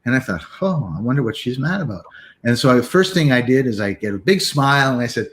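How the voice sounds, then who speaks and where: A man's voice: medium pitch, fast, a little hiss or hum. A man co-hosting a casual business chat, telling stories and acting out what people say. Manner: animated storyteller, acts out quotes.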